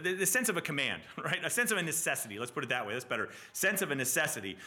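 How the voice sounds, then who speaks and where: A male preacher with a bright, tense, slightly high voice, delivering an expository sermon. He talks in a lively, conversational way and acts out the quoted lines with small stumbles and laughs.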